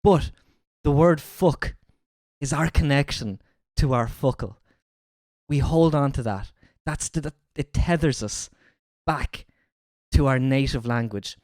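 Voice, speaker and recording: A man's voice: mid-range voice, slow, a little mellow, dry recording. Irish man, streamer, casual, joking, swears freely, dry close sound. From Ireland, Wicklow. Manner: joking, swears a lot, laughs often. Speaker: livestream host.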